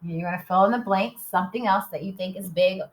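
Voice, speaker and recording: A woman kindergarten teacher giving a recorded writing lesson, slowly sounding out words and spelling them letter by letter in a patient, encouraging way. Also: mid-range voice, low-quality recording. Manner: patient and encouraging, often checks with "okay?".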